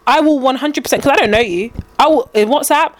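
A woman's voice: sits high, fast, no room sound. A young woman chatting casually as a co-host, telling stories animatedly and often trailing off and restarting her sentences. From England. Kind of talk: casual chat.

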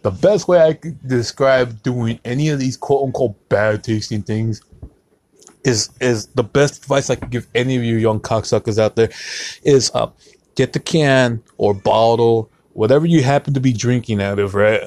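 A man talks at a middle pitch, rambling through his podcast in a loose, profane, joking way. The sound is dry and close, with no room echo. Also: normal speed, darkish tone. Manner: profane, rambling, joking, drinking beer on mic. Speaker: podcast host. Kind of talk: casual rambling monologue.

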